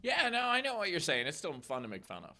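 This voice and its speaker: Bright, lively man joking on a call. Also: high voice. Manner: quick teasing jokes. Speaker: co-host comic. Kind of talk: casual banter. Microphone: video call.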